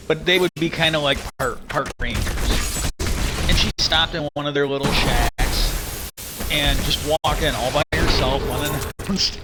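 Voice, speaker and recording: A male streamer with a slightly high voice tells a story in a loose, rambling way while he plays. He restarts his sentences and wanders into asides, and game music plays clearly behind him. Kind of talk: casual storytelling while gaming. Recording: music playing under voice.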